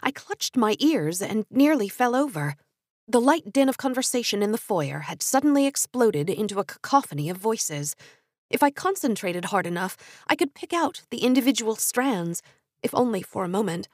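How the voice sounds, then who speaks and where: Young woman reading a story out loud, voice jumps around a lot, dead dry sound. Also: mid-range voice, normal speed, no echo. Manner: expressive storytelling. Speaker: narrator. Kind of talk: first-person audiobook narration.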